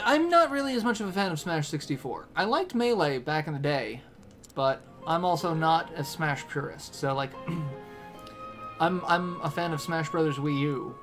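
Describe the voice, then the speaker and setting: A young man chats his way through a game livestream, wandering from one thought to the next. His voice sits a little high, and faint game music plays underneath. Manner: chatty, rambling, reads along with game lines. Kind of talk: casual livestream chat reading game dialogue aloud.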